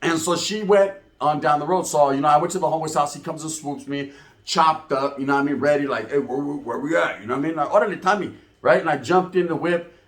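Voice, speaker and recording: Brief: man, mid-high voice, comedic streetwise storyteller, profane and animated. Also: fast talker. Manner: profane, slang-heavy, animated.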